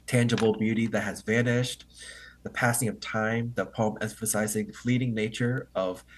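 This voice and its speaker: A man hosting an online English meeting, explaining poetry to learners in a halting, think-aloud way and often checking with "right?". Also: lowish voice, fairly even intonation, a little hiss or hum.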